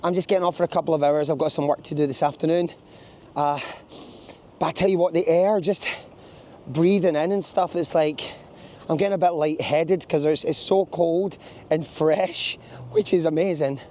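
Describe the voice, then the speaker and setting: This Scottish man speaks in a slightly high, steady, darkish voice at a moderate pace, with a little hiss or hum on the recording. He rambles as he walks around a small town outdoors, vlogging to camera in a chatty, jokey way.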